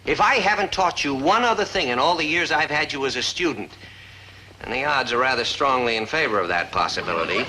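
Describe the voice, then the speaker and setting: Casual: sarcastic old-school teacher lecturing, bright voice, bouncy pitch, sitcom style. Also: male voice, slight background noise, rough recording. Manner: lecturing, wry and theatrical. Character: long-suffering male high school teacher. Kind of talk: 1950s-60s sitcom acting.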